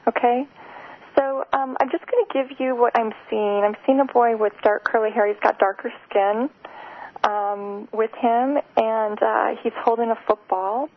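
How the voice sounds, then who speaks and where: A woman hosting a live call-in radio show, giving psychic readings in a hesitant, soft, emotional way with many fillers. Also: fairly high pitch, steady tone, normal speed. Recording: tinny phone-like radio sound, faint noise.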